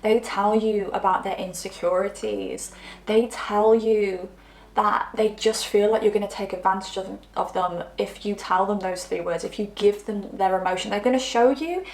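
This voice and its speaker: Woman, tarot reader, middle pitch, chatty and rambling, roomy echo. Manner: chatty, rambling, trips over words. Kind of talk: pick-a-card tarot reading.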